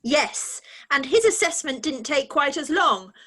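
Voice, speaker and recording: A woman's voice: high voice, lively intonation, a little slow, pushed and bright, full character voice. A woman voicing a mocking female interrogator in an online script reading, taunting and probing. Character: mocking female interrogator, mother-daughter-holy-spirit figure. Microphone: video call mic.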